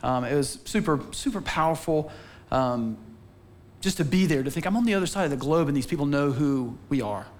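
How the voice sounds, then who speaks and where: A man preaching a sermon from a church stage, telling a story with animated, acted-out quotes. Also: brisk. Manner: animated storytelling, acts out quotes with sudden pitch jumps. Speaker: pastor.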